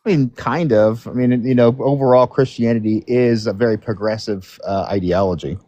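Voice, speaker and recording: A man's voice: medium pitch, moderate pace, mellow, no room sound, highs cut off. A man calling in to a debate stream, answering hesitantly with hedges and fillers. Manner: hesitant, hedging, many fillers. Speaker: caller. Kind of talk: casual chat.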